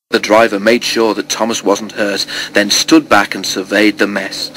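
A man's voice: fairly low pitch, flat delivery, normal speed, hardly any pauses, pushed and bright, slight background noise, poor audio. Man reading a children's storybook. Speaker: narrator.

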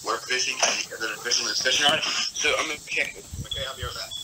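A man's voice: medium pitch, quick pace, very noisy. A young man chatting casually with a friend in an offhand, teasing way. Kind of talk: casual chat.

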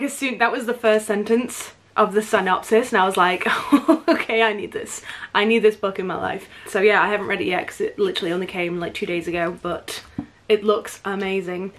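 A young woman from the UK chatting casually as a book vlogger, gushing and excitable with quick asides. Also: medium pitch, poor audio. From United Kingdom. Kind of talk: casual chat.

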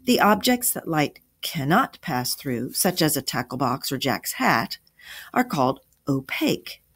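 Eager old granddad explaining stuff, teasing the kids, read by a woman, lively voice. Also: on the high side, measured pace, breathy edge, full character voice. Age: older.

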